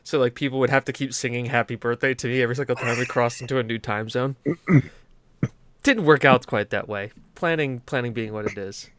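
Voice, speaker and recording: An American man co-hosting a casual gaming podcast. He tells rambling stories, swears freely and laughs often, in a voice of ordinary pitch. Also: a little fast, a bit bright, clear, resonant tone. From United States. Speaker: podcast co-host. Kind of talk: casual chat.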